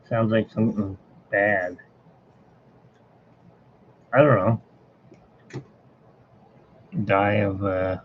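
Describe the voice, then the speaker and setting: A man's voice: fairly low pitch, vocal fry. A man chatting casually and rambling to himself as he draws live for his viewers. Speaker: live-drawing streamer. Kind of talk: casual chat while drawing. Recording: tinny phone-like line with faint hiss.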